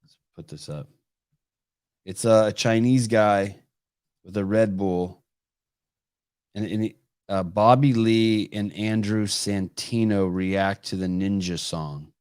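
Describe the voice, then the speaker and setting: A man hosts a live call-in podcast, talking in a low voice. He speaks animatedly and swears freely, often stumbling and restarting. The sound is close and dry, without any room echo. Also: slow, long pauses, clean tone. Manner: animated, profane, many restarts. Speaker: podcast host.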